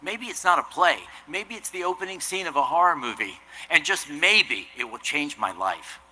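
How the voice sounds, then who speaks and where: A man's voice: fairly high pitch, lively intonation, moderate pace, bright, forceful tone, a little hiss or hum, poor audio. A man giving a commencement address, telling an earnest, self-deprecating story. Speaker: commencement speaker. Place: outdoor commencement ceremony.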